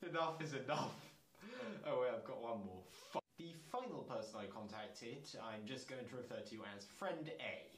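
A man's voice: medium pitch, normal speed, roomy sound, rough recording. A man hosting his channel, reading fan fiction aloud with incredulous comments and asides. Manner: incredulous, breaks into laughter and asides.

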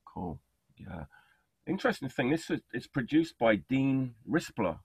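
A man's voice: mid-range voice, big pitch swings, a little slow, vocal fry, breathy edge, dry recording. A man hosting an interview over a video call, chatty and enthusiastic with lots of fillers. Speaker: podcast host. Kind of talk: casual interview chat.

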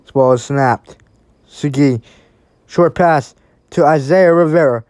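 Here's a play-by-play caller working a live game: even-toned for routine snaps, then excited yelling for the major plays. The voice is mid-range and slow, recorded dry.

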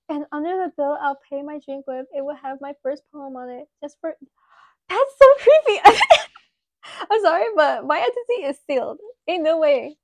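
A woman's voice: high voice, normal speed, dry recording. A woman in her late twenties hosting a casual live stream, chatting and giggling with her chat while sculpting clay. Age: 20s. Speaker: livestream host.

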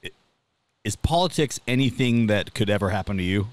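A man's voice: fairly low pitch, animated, a little fast. A man hosting an interview in casual conversation, often restarting and stammering on his words. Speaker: interview host.

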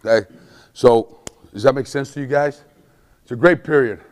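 Man, football coaching clinic lecture, emphatic, keeps checking in with listeners, shouts out play calls, long hall reverb. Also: mid-range voice, moderate pace.

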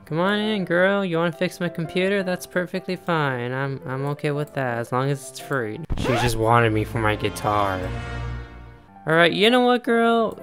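A man's voice: on the high side, a bit bright. Chatty man narrating a life-sim game. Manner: chatty, laughs often, talks to game characters. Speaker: gaming YouTuber. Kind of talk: casual let's-play commentary.

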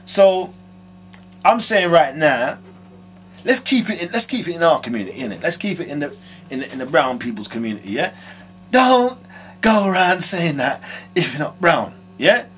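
A man with a London accent hosting a comic advice show, answering viewer letters in slangy, animated streetwise patter. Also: a little high, normal speed, slight background noise. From South London. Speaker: host answering viewer questions.

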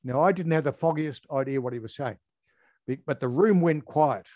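Older Australian man, halting storyteller. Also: a little high, no room sound, muffled recording. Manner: halting, full of ums and restarts. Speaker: interviewee, air force veteran. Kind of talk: storytelling interview.

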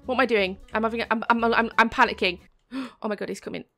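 A woman's voice: fairly high pitch, fast, pushed and bright. A young woman giving a chatty, panicky commentary over her own gameplay, with sudden shrieks. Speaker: gaming YouTuber. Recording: faint background music.

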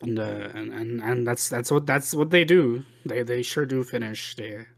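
A man co-hosting a movie podcast, talking loosely and circling back on himself. His pitch sits in a middle register, neither high nor low. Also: normal speed, gravelly. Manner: rambling, many restarts and "like". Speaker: podcast co-host. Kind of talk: casual film review chat.

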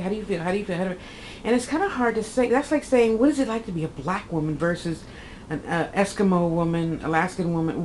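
A vlogger in her fifties, her voice lowish, rambles through a long personal story, straying off track and correcting herself as she goes. She acts out her own lines in the conversations with lively bursts. The recording is rough, with a faint hiss underneath.

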